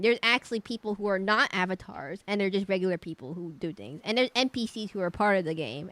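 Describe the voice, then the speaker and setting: A woman's voice: lowish voice, a bit bright. A woman streaming a game, chatting casually, explaining the story and cracking jokes. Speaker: VTuber streamer. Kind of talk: casual let's-play commentary.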